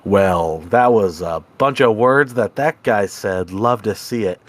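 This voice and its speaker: A man's voice: fairly low pitch, measured pace, slight background noise, natural voice. A man voicing a show announcer who introduces the next guest in a dry, sardonic way. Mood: wry.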